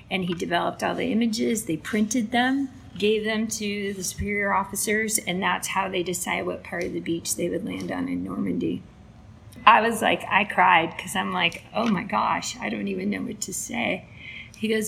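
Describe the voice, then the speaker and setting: A woman's voice: mid-range voice, steady tone, moderate pace, creaky, a bit bright, slight background noise. A woman, a photographer guest on a podcast, telling a story in a casual way and acting out both sides of a conversation.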